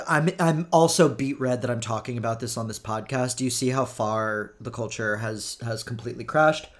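A young adult man hosting a podcast, chatting casually in campy, gushing rants about films and comics. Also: a bit bright. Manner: campy, gushing pop-culture rants with big pitch swings. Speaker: podcast host. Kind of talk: casual chat.

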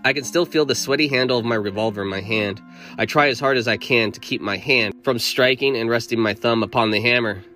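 A man reading a first-person story aloud, steady and earnest. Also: medium pitch, a little fast, faint music behind. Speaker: narrator.

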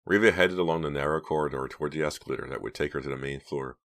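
A man reading an audiobook in steady, measured scripted narration. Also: very deep voice.

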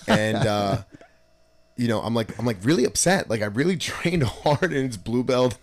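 A man hosting a casual podcast, telling profane personal stories with lively retold dialogue. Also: medium pitch, moderate pace. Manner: storytelling, profane, animated retelling. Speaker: podcast host. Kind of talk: casual chat.

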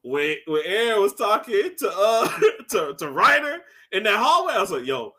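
A man co-hosting a casual podcast, excitable and laughing often, acting out quotes loudly. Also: sits high, normal speed. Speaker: podcast co-host. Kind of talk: casual chat.

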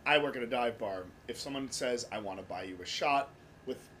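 A man's voice: medium pitch, a little fast, fairly bright tone, slight background noise. A man hosting a podcast, asking questions in a joking, profane way. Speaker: podcast host. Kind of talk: casual interview chat.

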